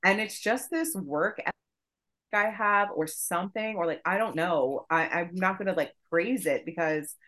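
Profane, animated woman telling a story. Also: lowish voice, normal speed. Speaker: podcast co-host. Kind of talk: casual chat.

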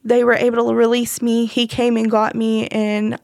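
A woman's voice: fairly high pitch, completely flat delivery, normal speed, creaky, darkish tone, dry recording, clean studio sound. A young woman from Texas, telling her personal testimony in a rambling way and acting out the dialogue. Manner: rambling storytelling that acts out quoted dialogue. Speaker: guest sharing a testimony.

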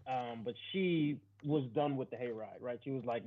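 A man's voice: mid-range voice, moderate pace, few pauses. A man in casual chat, rambling through a story with swearing and acted quotes. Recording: tinny phone-like sound.

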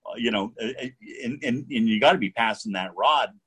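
Husky man host asking questions. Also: medium pitch, brisk, a bit bright. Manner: encouraging, many short affirmations, stammers when asking. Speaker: podcast host. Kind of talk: casual interview.

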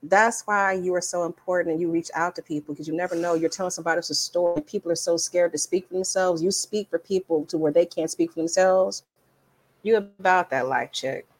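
Fast-talking woman guest co-host. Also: fairly low pitch, fairly even intonation. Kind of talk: casual podcast chat.

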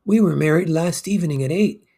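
A man voicing a gentle young female secretary who speaks softly and quietly. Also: on the high side, a little fast, creaky, slightly rough, pitched above the performer's own voice. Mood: tender. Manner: soft, quiet and tender.

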